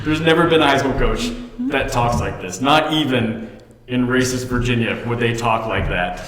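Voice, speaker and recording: A man's voice: mid-range voice, moderate pace, fairly bright tone. A man co-hosting a casual movie chat, picking apart a film with sarcastic, opinionated commentary. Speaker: podcast co-host. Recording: echoey room with long reverb.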